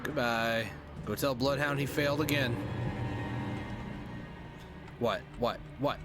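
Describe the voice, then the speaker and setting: A man's voice: medium pitch, takes it slowly, over loud music. A young man chatting casually to viewers as he streams a horror game, joking asides. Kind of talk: casual gameplay commentary.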